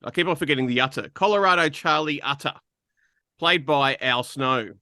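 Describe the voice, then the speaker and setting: Bright-voiced man recapping a movie. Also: fairly high pitch, moderate pace, no echo. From Australia. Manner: dry plot recaps with wry jokes. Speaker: podcast co-host. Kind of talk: casual film review chat.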